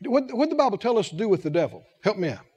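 High, lively-voiced male preacher. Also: rapid-fire, slightly rough. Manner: animated preaching, rhetorical questions to the congregation. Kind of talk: sermon.

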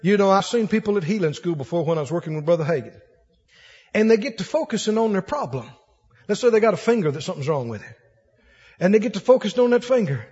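A man's voice: sits high, big pitch swings, fast, darkish tone, husky, highs cut off. A man preaching a sermon to a congregation, fervent and repetitive, building emphasis, recorded in a hall.

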